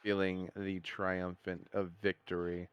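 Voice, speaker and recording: A man's voice: low-pitched, monotone, measured pace, smooth. A man narrating a tabletop game as game master, casual and swearing freely.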